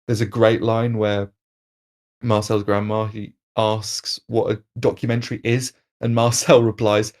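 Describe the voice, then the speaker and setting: A man hosting a film review podcast, reading an analytical critique in a measured way with occasional restarts. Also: lowish voice, level tone, darkish tone.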